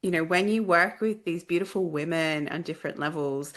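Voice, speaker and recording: A woman hosts a relaxed interview podcast, her voice sitting a little low. She talks in a loose, chatty way and fills her stories with "like" and "you know.". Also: a little fast. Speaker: podcast host. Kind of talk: casual interview chat.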